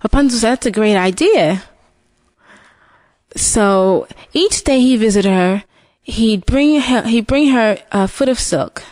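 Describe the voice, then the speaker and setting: A woman's voice: fairly high pitch, a little slow, a little mellow, no room sound. A woman retelling a fairy tale from memory, often restarting and repeating words as she goes. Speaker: storyteller. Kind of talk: unscripted storybook retelling.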